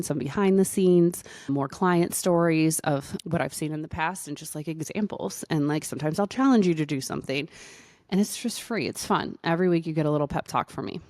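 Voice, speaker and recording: A woman's voice: low voice, a little fast, darkish tone, dry recording, studio quality. A woman doctor hosting her own podcast, telling a personal story in a casual, chatty way with frequent "like" fillers.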